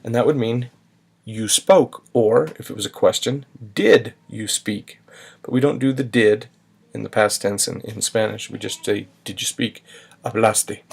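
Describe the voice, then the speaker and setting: A man's voice: mid-range voice, gravelly, a little mellow. A man teaching a recorded grammar lesson, patiently spelling out verb endings step by step. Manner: patient, spells out endings, sings a short chant. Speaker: Spanish teacher.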